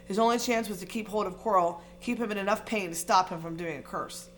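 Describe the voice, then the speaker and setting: A woman narrating a fantasy novel aloud in an expressive, dramatic reading style. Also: mid-range voice, fast talker, a little hiss or hum. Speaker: audiobook reader. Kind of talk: storybook reading.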